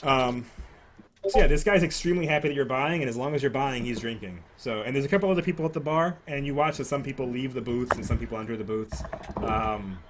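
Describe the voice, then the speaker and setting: A man's voice: mid-range voice, fast talker, slight background noise. A man narrating a tabletop game as game master, loose and rambling, with many fillers.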